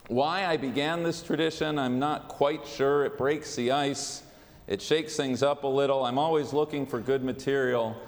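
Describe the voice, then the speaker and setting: A man giving a sermon as a rabbi, with a measured, wry delivery. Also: medium pitch, steady tone. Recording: long hall reverb.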